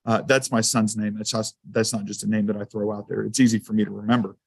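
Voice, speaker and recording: A man's voice: lowish voice, level tone, fast talker, gravelly, husky, dry recording. A man giving a school safety presentation to a council, telling personal anecdotes in a loose, conversational way with frequent fillers.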